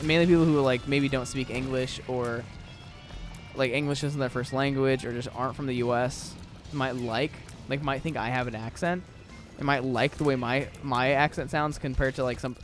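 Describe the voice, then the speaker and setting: A man's voice: mid-range voice, moderate pace, soft background music. A young American man chatting casually through a let's-play, rambling with lots of "like" and "um". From southern United States. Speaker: gaming YouTuber.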